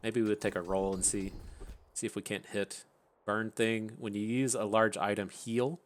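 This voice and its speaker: A man's voice: lowish voice, fairly even intonation, normal speed. A man hosting his gaming channel, thinking aloud in chatty, casual commentary and laughing at his own tangents.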